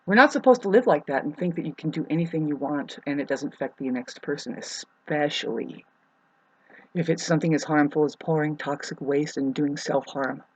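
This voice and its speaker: A woman's voice: low-pitched, fairly quick, a little mellow, breathy edge, rough recording. A woman in a rambling, profane monologue, half-rhyming and sarcastic, with many ums.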